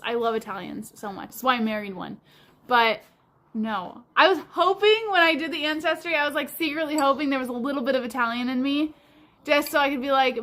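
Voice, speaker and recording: A woman's voice: sits high, brisk, fairly bright tone. A woman hosting a livestream in casual chat, rambling along with lots of fillers like "like". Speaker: livestream host.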